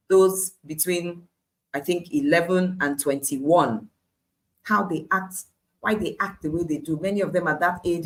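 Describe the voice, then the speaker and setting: Emphatic woman teaching the Bible, slightly low. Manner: emphatic and repetitive, laughs often, lively asides. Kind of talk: devotional Bible teaching on a live stream.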